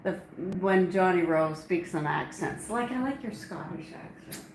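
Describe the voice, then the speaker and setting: A woman's voice: fairly low pitch, expressive, measured pace. A woman hosting a casual live chat, rambling and giggly, in an empty theater. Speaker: host. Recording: echoey room with faint noise.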